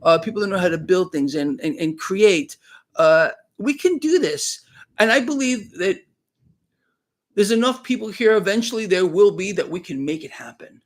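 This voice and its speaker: A man's voice: high-pitched, expressive, normal speed. A man talking fervently on a live stream, emphatic and repeating himself. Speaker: online commentator.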